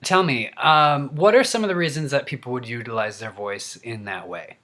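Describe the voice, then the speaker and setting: A man with a bright, forward voice rants to the camera, animated and worked up. He tells a funny vlog story in casual, chatty speech at a middle pitch. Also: moderate pace. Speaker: actor and vlogger. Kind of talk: humorous rant.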